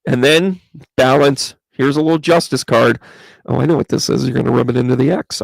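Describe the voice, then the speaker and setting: A talkative man does live-stream tarot readings as a psychic medium, naming viewers as he greets them and discussing each card. He speaks fairly quickly in a gravelly, creaky, mid-pitched voice, recorded close and dry with no room sound.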